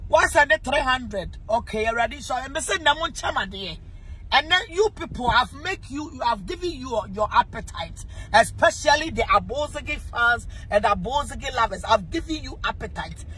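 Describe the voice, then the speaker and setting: A woman with a Ghanaian accent hosting a casual livestream, animated and teasing, pleading with viewers and swinging between laughter and mock crying. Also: fairly high pitch, normal speed, husky. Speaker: livestream host asking viewers for money.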